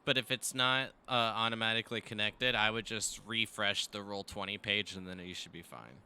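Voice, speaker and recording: Game master, male, crisp bright voice, hesitant filler-heavy delivery over a voice call. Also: on the low side, normal speed. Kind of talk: running a tabletop game over voice chat.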